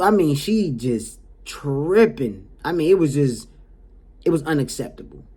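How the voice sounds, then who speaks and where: A man's voice: a little high, measured pace, breathy edge. A man who runs a home care agency, casually and heatedly telling a story about a client. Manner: animated, heated retelling.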